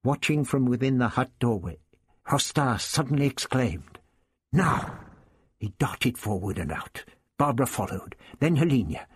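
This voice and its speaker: A man reading an adventure story aloud as narrator, steady and measured. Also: medium pitch, slightly rough, no echo. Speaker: audiobook narrator. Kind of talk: scripted narration.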